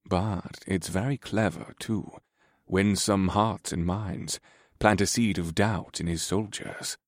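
A laid-back, wry companion, voiced by a male narrator, low and soft as he muses aloud. He talks slowly, without hurry. The recording is close and dry. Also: expressive, no room sound. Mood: musing. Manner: musing, soft and unhurried.

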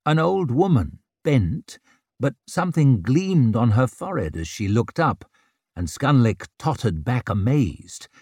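Slow grave male narrator. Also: medium pitch, a little mellow, husky, no echo, clean studio sound. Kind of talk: dramatic fantasy audiobook narration.

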